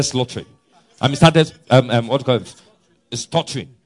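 A man preaching a sermon, emphatic, swinging between loud bursts and hushed asides, with frequent chuckles. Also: mid-range voice, normal speed. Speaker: pastor.

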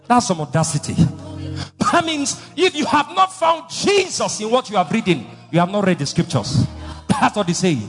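Man, fervent preacher, emphatic repetition, high animated voice, long hall reverb. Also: normal speed. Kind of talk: sermon. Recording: long reverb of a large hall, with faint music.

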